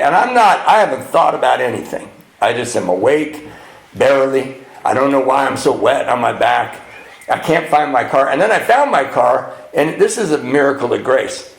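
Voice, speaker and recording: A middle-aged man from California stands before a retreat audience, telling his own story of hitting bottom with self-mocking humor. His voice is gravelly and sits at an ordinary pitch, and he keeps jumping up high for the comic bits. The hall adds a clear echo around every word. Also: expressive, normal speed. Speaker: retreat speaker sharing recovery story. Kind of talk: storytelling talk to a live audience. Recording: echoey room.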